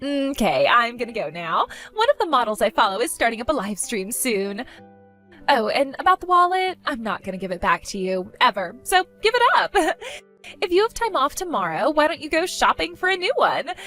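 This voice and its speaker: A woman's voice: fairly high pitch, big pitch swings, moderate pace, bright, forceful tone, faint music behind. A woman voicing a spoiled, vain young woman who gloats, insults and giggles in a text-story skit. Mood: mocking.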